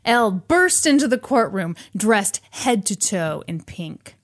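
A woman casually retelling a film's plot to a friend, acting out the characters' lines in quick asides. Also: medium pitch, very animated. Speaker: podcast host retelling a film plot. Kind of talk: casual storytelling chat.

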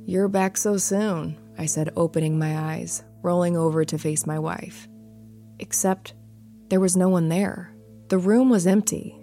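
A woman giving a measured, suspenseful first-person narration of a ghost story. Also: fairly low pitch, fairly even intonation, warm tone. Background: faint music.

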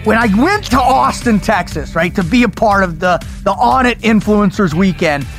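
A man hosting a podcast, hyped and loud, laughing often and swearing freely. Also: high-pitched, animated, moderate pace, faint music behind. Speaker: podcast host. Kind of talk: energetic podcast conversation.

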